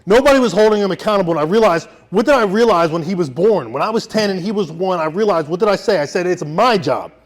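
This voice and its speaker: Young guy telling his story on stage, kinda high voice, gets loud then real quiet. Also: expressive, quick pace, hardly any pauses. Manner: intense, swings between shouting and hushed. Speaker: veteran storyteller. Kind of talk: live personal storytelling.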